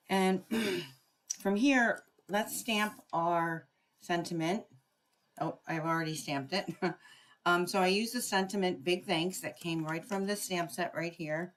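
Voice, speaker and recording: Chatty woman demonstrating a craft project. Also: lowish voice. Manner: chatty, greets live viewers by name. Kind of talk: live crafting tutorial.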